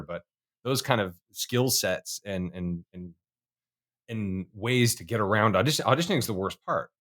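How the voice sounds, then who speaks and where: A man's voice: fairly low pitch, expressive, moderate pace, fairly bright tone. A man hosting a podcast, chatting casually with a guest and laughing along. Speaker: podcast host. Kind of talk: casual interview chat.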